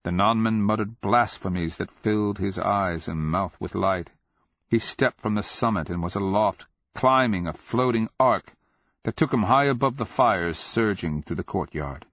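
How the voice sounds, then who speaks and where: A man narrating a fantasy audiobook in a measured, grave, deliberate way. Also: on the low side, a bit bright, no echo. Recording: dull lo-fi audio.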